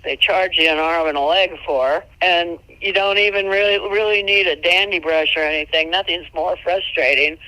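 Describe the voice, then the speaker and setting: Bright-voiced folksy woman trainer. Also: dry recording, muffled recording. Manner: folksy, chatty, laughs often, jumps into high playful tones. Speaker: mule trainer. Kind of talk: casual instructional chat.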